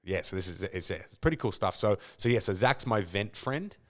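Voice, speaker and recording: A man's voice: fairly low pitch, normal speed. An Australian man talking as a podcast guest in casual chat, telling stories animatedly and acting out other people's lines. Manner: animated storyteller who acts out quoted voices.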